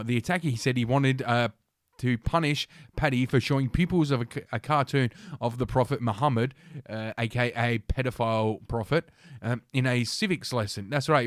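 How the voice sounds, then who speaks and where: A man hosting a podcast, reading news aloud with sarcastic asides, halting and full of filler sounds. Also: mid-range voice, dry recording, studio quality. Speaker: podcast host.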